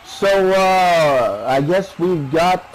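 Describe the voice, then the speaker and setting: A man's voice: sits high, animated, drawn-out words, slight background noise, rough recording. A man doing playful ringside wrestling commentary, teasing and needling his co-host.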